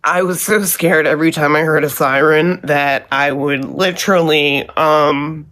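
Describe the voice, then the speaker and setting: A woman giving a personal statement, halting and pausing with many ums. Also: low voice, fairly even intonation, fairly bright tone.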